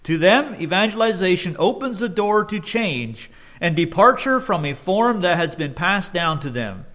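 A man's voice: sits high, expressive, moderate pace, fairly bright tone. A man preaching a sermon earnestly, often restarting his phrases and rising in force when he quotes scripture.

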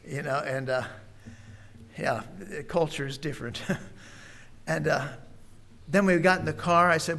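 An older man, a preacher, telling a personal story in a folksy, unhurried way with many pauses and fillers. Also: mid-range voice, lively intonation, a bit bright.

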